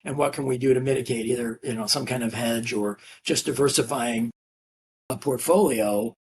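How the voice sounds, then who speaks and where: A man's voice: mid-range voice, normal speed, a little mellow, slight background noise. A man speaking as a business executive guest on a podcast, talking earnestly with frequent fillers and restarts. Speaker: CEO of a family office, podcast guest. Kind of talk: conversational interview.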